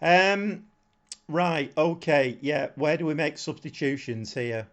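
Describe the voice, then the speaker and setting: A man streaming a football management game, commenting live on the match and shouting at the screen when it gets exciting. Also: on the high side, a little slow. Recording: slightly dull lo-fi sound.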